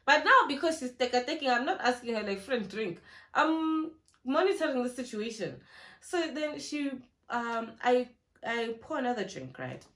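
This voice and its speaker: A young South African woman telling a story in a casual, animated way, acting out what people said. She records on her phone. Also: a little high, moderate pace. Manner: animated, acts out what people said, mixes in isiZulu slang. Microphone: phone camera.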